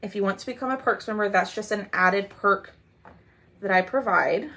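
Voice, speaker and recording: A woman's voice: medium pitch, bright, forceful tone, a little hiss or hum. A woman chatting casually with viewers while she demonstrates a craft during a live sale, with lots of "um"s and "y'all"s. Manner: chatty, drawn-out "y'all", many "um"s. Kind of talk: casual livestream chat.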